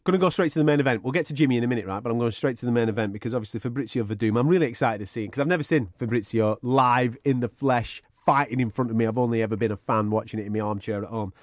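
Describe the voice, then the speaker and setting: A man co-hosting a sports podcast with fast, swearing, laddish banter. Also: medium pitch, dry recording, clean studio sound. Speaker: podcast co-host. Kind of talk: casual sports chat.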